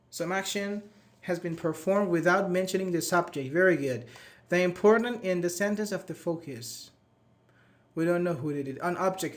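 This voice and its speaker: Here an English teacher, a man whose voice runs slightly higher than most men's, teaches grammar live. He keeps things casual and chatty, asks the class questions, and praises each student by name when they respond.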